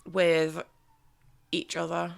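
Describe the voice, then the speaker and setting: A woman's voice: on the low side, extremely slow, creaky. A young woman, chatting theatrically and acting out quotes as a podcast co-host. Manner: lively, theatrical, swears, acts out quotes. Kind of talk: casual chat.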